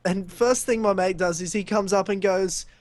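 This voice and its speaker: A young Australian man telling a lively story on a casual podcast, laughing often. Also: high voice, moderate pace, dry recording. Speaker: podcast co-host.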